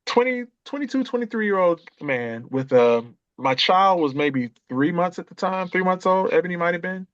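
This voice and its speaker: Animated storyteller man in his 50s. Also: high-pitched, moderate pace, hardly any pauses, clean tone, no room sound, dull audio. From Atlanta, USA. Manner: animated storyteller who acts out quoted voices. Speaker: guest, author and chess coach. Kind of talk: conversational storytelling.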